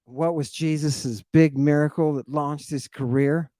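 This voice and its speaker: A man delivering a livestream lecture in a fairly high voice, dragging out his words at an unhurried, deliberate pace. He talks in a theatrical, slangy way, repeating lines for emphasis. The sound is dry and close, with no room echo. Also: fairly even intonation, dark tone. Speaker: host lecturing on ancient texts.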